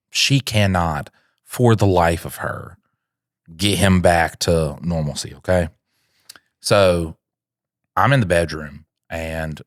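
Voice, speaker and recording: A man co-hosting a podcast, chatting casually and telling a family story with lively acted-out quotes. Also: sits low, no room sound, clean studio sound. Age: adult father. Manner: animated storyteller, acts out quotes. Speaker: podcast co-host.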